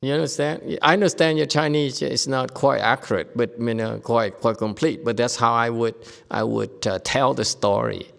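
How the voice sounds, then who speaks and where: A man teaching a Buddhist Dharma lecture, telling stories in a lively way and acting out the people he quotes. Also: mid-range voice, normal speed, gravelly, few pauses, long reverb tail. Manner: lively storytelling, acts out quoted speakers, laughs often. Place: Buddhist meditation hall.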